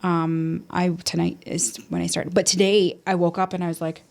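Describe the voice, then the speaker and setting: A woman as a podcast guest, candidly recounting a personal story in a halting way, with many restarts and quoted self-talk. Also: fairly low pitch, level tone, creaky, a little mellow.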